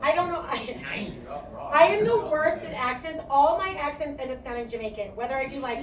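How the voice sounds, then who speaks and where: A young woman teacher, her voice high, animated and a little fast, leads a math class with a Midwestern Chicago accent. Chatty and projecting, she keeps asking "okay?" The classroom echoes and is recorded from far away, with crowd noise in the background.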